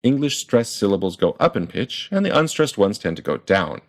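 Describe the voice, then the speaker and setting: A man explaining pronunciation in a clear, methodical lesson and sounding out example words. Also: on the low side, sing-song, moderate pace. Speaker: language teacher.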